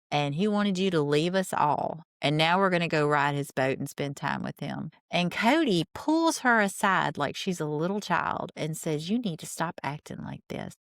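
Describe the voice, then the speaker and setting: A woman hosting a podcast, talking through a reality show episode in a blunt, exasperated way and not shy about swearing. Her voice sits a bit low for a woman, recorded close and dry with no room sound around it. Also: no room sound. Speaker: podcast host. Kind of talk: casual recap commentary.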